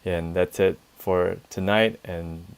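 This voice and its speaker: A male host of a casual live stream, wrapping up with brief, friendly remarks and quick agreement. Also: low voice, fairly even intonation, clean tone.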